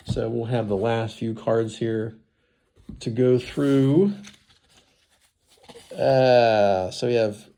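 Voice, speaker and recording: Slow, stuffy-voiced man reading out cards. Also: mid-range voice, a little mellow. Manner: reads names slowly, chatty asides. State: congested from sinus trouble. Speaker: collector unboxing baseball cards. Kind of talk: casual unboxing commentary.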